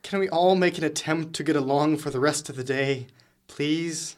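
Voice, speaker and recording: A man's voice: on the high side, normal speed, lightly acted. A young man acting a teasing, offhand frat brother in a college audio drama.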